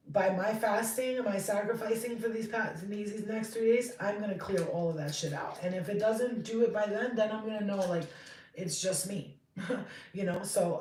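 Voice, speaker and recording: A woman in her thirties giving a casual tarot reading, chatty and rambling, swearing freely and getting excitable. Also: mid-range voice, far from the mic. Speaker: tarot reader. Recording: roomy, off-mic sound.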